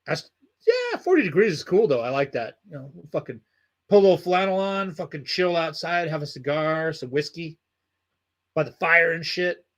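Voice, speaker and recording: At a normal speed and a slightly high pitch, a man hosts a livestream, chatting casually and reading out viewer comments. His talk is loose and heavily profane.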